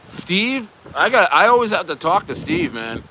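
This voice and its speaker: A man's voice: sits high, sing-song, normal speed, gravelly, bright, forceful tone, a little hiss or hum. A man hosting a casual crypto livestream, bantering and joking loosely with viewers in the chat. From United States.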